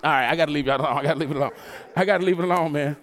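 A man preaching a sermon in a conversational, joking way, slipping into quick acted asides. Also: a little high, fairly bright tone.

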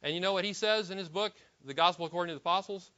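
A man delivers a sermon with a bright, forceful voice pitched a little high. He preaches emphatically, restarting phrases and posing rhetorical questions. The recording is dull and lo-fi. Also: rapid-fire. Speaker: pastor.

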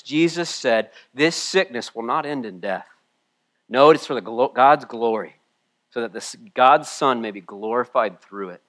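Man, preacher, tearful, emotional, quiet then loud, church sermon. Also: mid-range voice. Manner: emotional, swings from hushed to loud. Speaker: pastor. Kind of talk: sermon reading scripture. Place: church room with a congregation.

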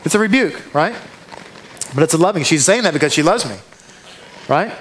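A man's voice: on the high side, lively intonation, a little fast, a bit bright, slight background noise, low-quality recording. A male preacher delivering a sermon to a congregation, reading scripture aloud and driving points home with emphatic rhetorical questions. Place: congregation with a control booth.

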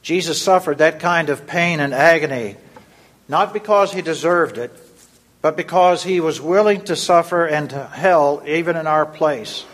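A man reading a scripted Lenten devotion in a measured, solemn way. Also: on the high side, fairly bright tone. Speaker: devotion reader.

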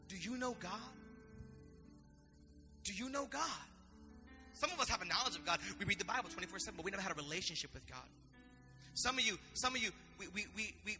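A man's voice: high voice, in a large hall. A man preaching a sermon in an impassioned, conversational way, often repeating himself. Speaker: pastor.

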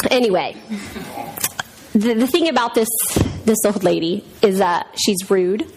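A woman in her thirties or forties with a mid-range voice gives a church talk, with a little hiss or hum in the recording. Her sermon-style storytelling is chatty and self-deprecating, and she laughs often.

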